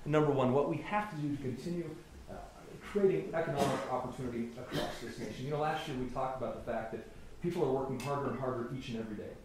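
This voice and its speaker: In a very echoey room with faint ambient noise, a Colorado senator delivers an anecdote-filled stump speech to a small gathering. His mid-range voice is darkish and quick, and he keeps restarting and repeating words.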